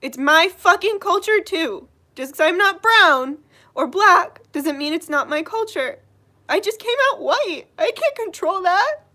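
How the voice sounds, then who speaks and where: A young woman hosting her channel, crying as she speaks, hurt and indignant, with halting restarts. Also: very high voice, lively intonation, sharp tone. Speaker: channel host. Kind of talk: emotional livestream vlog.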